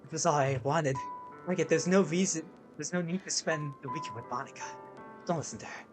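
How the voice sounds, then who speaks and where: A man voicing a soft-spoken young woman who talks in a hushed, creepy, intense way. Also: fairly high pitch, fairly quick, faint music behind, natural voice.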